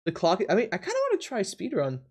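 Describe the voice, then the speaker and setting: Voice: medium pitch, huge pitch swings, breathy edge. Chatty streamer laughing with the chat. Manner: chatty, laughs often, talks straight to the chat; quick bursts with stumbling restarts. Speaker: live streamer. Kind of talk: casual live-stream chat while playing a drawing game.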